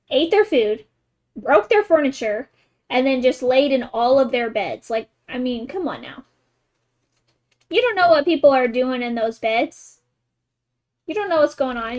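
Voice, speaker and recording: A woman's voice: high-pitched, very animated, slow, soft background music. A woman game streamer in casual chat, reading a children's story aloud with giggly, amused asides.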